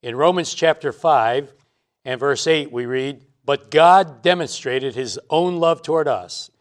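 A man's voice: on the high side, measured pace. Man preaching an emphatic Bible sermon. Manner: emphatic, repeats key points. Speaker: pastor.

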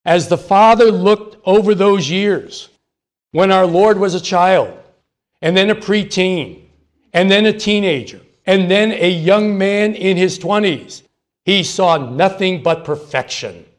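A man teaching a Bible study, reading scripture and explaining it in a measured, deliberate, reverent way. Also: high-pitched.

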